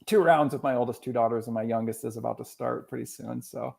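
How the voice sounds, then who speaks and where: A man's voice: medium pitch, quick pace, vocal fry. A man in his forties, a school counselor, talking casually as a podcast guest and telling stories with quoted dialogue. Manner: animated storyteller, often quotes others.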